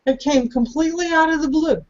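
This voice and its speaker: A woman's voice: high-pitched, fairly quick, dull audio. A woman candidly sharing her spiritual questions and thoughts in an earnest, searching way. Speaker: circle participant.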